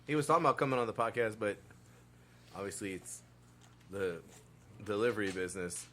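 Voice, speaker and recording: A man's voice: lowish voice, lively intonation, a little fast, bright, forceful tone, a little hiss or hum. A man hosting a casual podcast, telling stories in a loose, profane way and quoting other people. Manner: loose, profane storyteller who quotes others. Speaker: podcast host.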